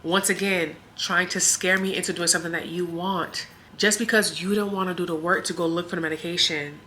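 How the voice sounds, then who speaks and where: A woman's voice: lowish voice, fairly even intonation, a little fast, sharp tone, a little hiss or hum. A woman vlogger telling a story in an emotional, indignant way. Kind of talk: storytime vlog.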